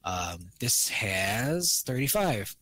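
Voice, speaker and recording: A man's voice: fairly low pitch, sing-song, drawn-out words, bright, forceful tone, dry recording. Casual, profane man on a podcast. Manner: rambling, profane, acts out quotes. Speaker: podcast co-host. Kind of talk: casual movie chat.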